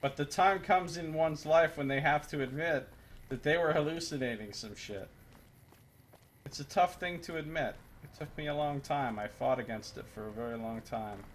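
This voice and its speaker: A man's voice: fairly high pitch, moderate pace, slight background noise. A man streaming a game live, chatting casually with his viewers and cracking profane jokes. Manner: profane, joking asides to chat. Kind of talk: casual live-stream commentary while gaming.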